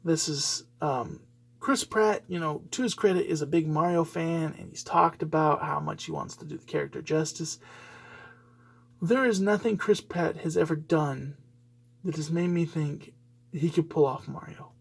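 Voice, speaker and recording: Gravelly husky man hosting a podcast. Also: a little high, normal speed. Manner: rambling, opinionated, frequent fillers and restarts. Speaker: podcast host. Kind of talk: solo casual podcast commentary.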